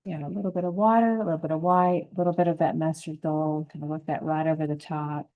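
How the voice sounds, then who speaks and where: A woman giving a relaxed, encouraging step-by-step painting lesson, thinking aloud as she paints. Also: deep voice, quick pace, phone-quality sound. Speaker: painting instructor.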